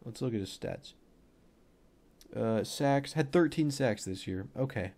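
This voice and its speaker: A man's voice: mid-range voice, expressive, unhurried, darkish tone. A man giving a casual, rambling screen-share breakdown of football prospects, full of fillers and offhand asides. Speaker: football draft analyst.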